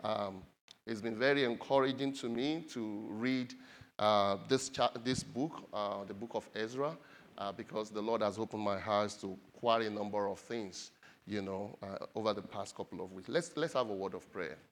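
A male preacher speaking to his congregation in a church. He reads scripture slowly and with emphasis, pressing hard on the key words. He then moves into fervent, earnest prayer. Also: lowish voice. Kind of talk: sermon with scripture reading and prayer.

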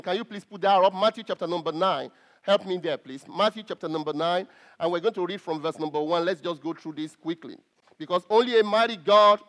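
Emphatic high-voiced male preacher. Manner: emphatic, stresses key words with pauses; repeats words as he restarts. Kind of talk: sermon.

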